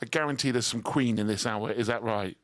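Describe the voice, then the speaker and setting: A man's voice: medium pitch, a little fast, dry recording. A man hosting live radio from a studio, upbeat and teasing with his guests. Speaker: radio host.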